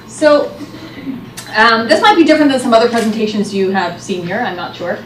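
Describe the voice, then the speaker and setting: A woman's voice: on the high side, animated, brisk. A woman presenting research findings at a seminar, upbeat, with frequent um fillers and restarts. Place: seminar room. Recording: roomy hall, distant mic, faint noise.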